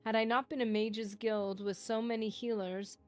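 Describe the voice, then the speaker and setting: A woman streamer reading a game book aloud on a livestream, steady narration broken by chatty asides. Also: on the high side, moderate pace, soft background music.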